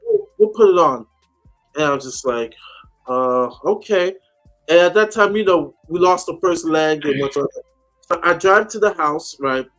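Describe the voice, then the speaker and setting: On a call-in show, an American man chats casually, telling a story with animation and acting out the people he quotes. His voice is fairly high and fairly bright, his speed is normal, and faint music plays behind him.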